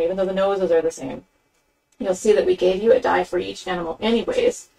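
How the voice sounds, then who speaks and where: A woman's voice: on the low side, mellow, far from the mic, poor audio. A woman giving a casual craft tutorial, chatting her way through the steps with plenty of ums as she works with her hands. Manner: chatty, rambling with fillers, narrating her hands-on work. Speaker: craft demonstrator. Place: craft table indoors.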